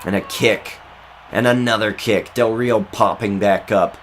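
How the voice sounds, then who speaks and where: A man giving excitable play-by-play commentary over a wrestling video game, his voice going hoarse. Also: on the low side, measured pace, slight background noise. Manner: excitable, shouts at big moves.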